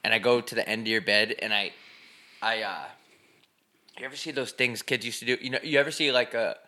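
A man's voice: mid-range voice, fairly even intonation, a little fast, pushed and bright. A young man co-hosting a podcast, chatting casually and telling crude, rambling jokes with lots of fillers. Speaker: podcast co-host. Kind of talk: casual chat.

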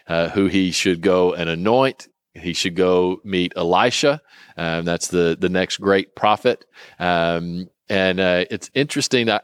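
Earnest low-voiced male Bible teacher. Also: clean tone, no room sound. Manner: earnest, reflective, halting with fillers.

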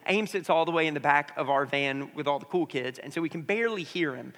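A man leads a sermon as pastor, speaking in a fairly high voice. His words carry with a long reverberant tail through a church sanctuary. He moves from prayer into a family story for the congregation. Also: quick pace, fairly bright tone. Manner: prays then tells a family story.

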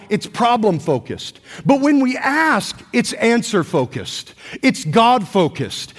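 A man's voice: high voice, long reverb tail. A man in his thirties, a pastor preaching a sermon with call-and-response to his church.

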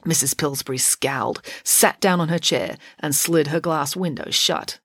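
A woman narrating a children's storybook with a wry, expressive reading. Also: low voice, moderate pace, husky, no echo, clean studio sound.

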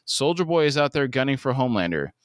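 A man's voice: medium pitch, sing-song, quick pace, no echo, pitched above the performer's own voice, lightly acted. A man voicing an angry, protective middle-aged father while reading the scene aloud. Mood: heated.

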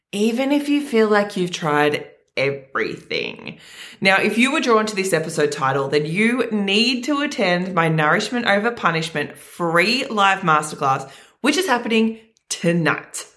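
A young Australian woman hosting a wellness podcast, talking in an energetic, chatty way with a slightly deeper morning voice. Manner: energetic, chatty, hype-girl enthusiasm. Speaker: podcast host and wellness coach. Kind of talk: upbeat podcast monologue.

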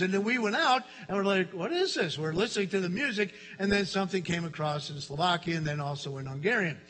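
A high-voiced man delivers a lively sermon, his bright, forceful tone carrying through a church hall with a long reverb tail. He tells stories with energy and acts out the voices of the people he quotes. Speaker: pastor. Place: church sanctuary.

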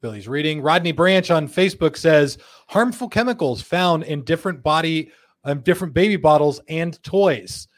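A man's voice: on the high side, lively intonation. Joking man hosting a live show. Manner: joking, laughs often, puts on quick voices for quotes. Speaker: host. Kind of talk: live show, reading viewer comments.

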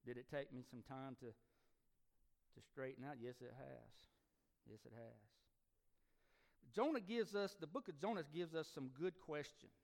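A middle-aged preacher delivers an impassioned sermon in a church hall, his voice rising to loud peaks and sinking low again. His tone is on the higher side for a man, and every phrase rings on in the hall's long reverb. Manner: impassioned, voice swells and drops, repeats phrases.

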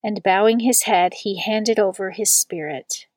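A woman giving a steady, measured scripture reading. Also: medium pitch, no room sound.

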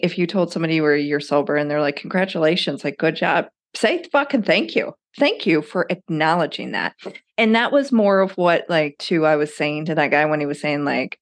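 A woman in her thirties hosting a podcast, talking casually and bluntly and swearing freely. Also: low voice. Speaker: podcast host. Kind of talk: casual solo podcast talk.

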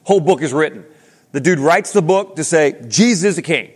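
Male pastor, laid-back animated sermon delivery, reverberant hall. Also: on the high side, a little fast, slightly rough. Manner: casual and animated, with slang and restarts.

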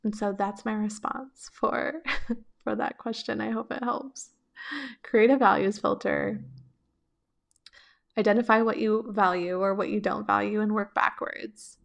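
Woman, podcast host, solo advice show, reflective, gentle coaching tone, middle pitch. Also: steady tone, unhurried, gravelly.

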